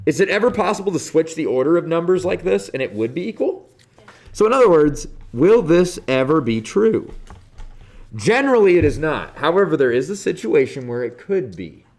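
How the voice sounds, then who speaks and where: A man with a Midwestern accent, teaching a math review lesson in a classroom, animated and joking as he talks through each step. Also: on the high side, normal speed. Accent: Midwestern American. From Midwestern United States.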